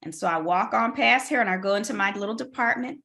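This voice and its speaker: A woman guest on a podcast interview telling a personal story with lively, animated delivery and acted-out dialogue. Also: mid-range voice, fast talker, vocal fry. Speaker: guest, tech strategist and keynote speaker.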